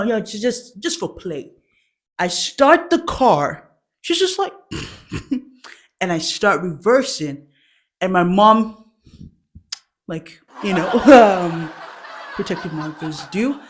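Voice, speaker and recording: Brief: young woman, stand-up comic, chatty storytelling broken by frequent laughter. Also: mid-range voice. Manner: laughs often mid-sentence, animated acted quotes. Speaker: stand-up comedian.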